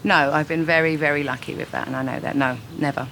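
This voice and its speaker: A woman, a singer giving frank, dry quick-fire answers in a casual interview at home. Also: deep voice, steady tone, fairly bright tone, a little hiss or hum. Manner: frank, dry, laughs easily. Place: her home.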